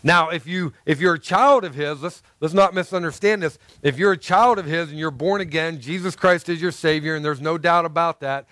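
Earnest pastor preaching, dry close sound. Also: male voice, fairly high pitch, brisk, few pauses, fairly bright tone, no echo. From American South. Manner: earnest, repeats words, addresses the crowd as guys. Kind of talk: sermon.

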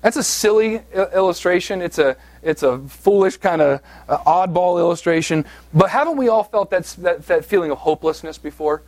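A man's voice: high voice, expressive, brisk, few pauses, a little mellow, no echo. A man from southeast Pennsylvania preaching a sermon, telling a personal story in a conversational, self-deprecating way with frequent "right?" asides. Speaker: pastor.

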